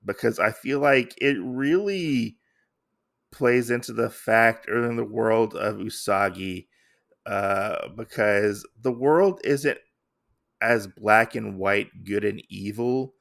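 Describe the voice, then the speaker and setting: Gravelly man recapping a comic. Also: lowish voice, slow pace, a bit bright. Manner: rambling, heavy on fillers. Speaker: comic podcast host.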